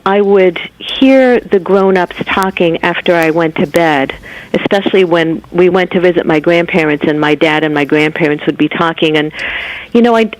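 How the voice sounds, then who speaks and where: A woman author and physician being interviewed over the phone, speaking in a thoughtful, measured way. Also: fairly low pitch. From United States. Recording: dry phone line.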